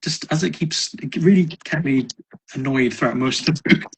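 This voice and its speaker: A man from North East England, a podcast guest chatting casually and rambling with many pauses and restarts. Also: fairly high pitch, a little hiss or hum. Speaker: podcast guest, miniature painter.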